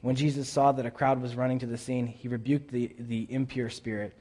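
A man's voice: mid-range voice, flat delivery, fairly quick, dark tone. A man preaching a sermon in an earnest, conversational way, often repeating himself as he reads scripture aloud.

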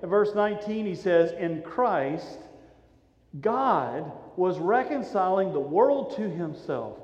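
A man, preaching a sermon in a conversational, animated storytelling way. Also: high-pitched, slow. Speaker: pastor. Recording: roomy, reverberant, dull sound from a hall.

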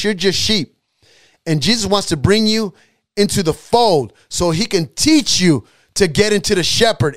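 Male podcast preacher, high voice, dry close sound, emphatic and repetitive. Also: no room sound. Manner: emphatic, repetitive, rising to forceful declarations. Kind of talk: podcast sermon.

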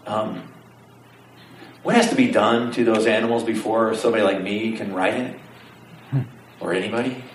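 A man preaching a sermon, telling the story with animated energy and asking his congregation questions. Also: mid-range voice, slight background noise. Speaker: pastor. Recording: roomy sound from some distance, faint ambience.

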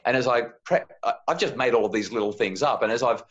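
A man speaking earnestly as a guest in an interview, acting out little quotes as he explains. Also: fast. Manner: earnest, animated, acts out quotes with high pitch jumps. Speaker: parenting author, guest. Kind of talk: conversational interview. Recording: slightly dull lo-fi audio.

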